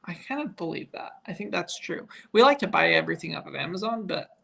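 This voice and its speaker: A man's voice: sits high, animated, fast, vocal fry, pushed and bright. A man, a father and family vlogger, chatting easygoing and joking with viewers. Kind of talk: casual live chat with viewers.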